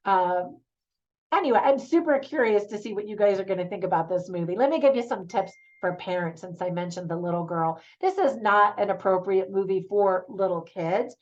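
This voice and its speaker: A woman's voice: mid-range voice, darkish tone. Chatty woman reviewing a movie, slightly muffled. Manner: chatty, opinionated, laughs easily. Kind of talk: casual spoken movie review.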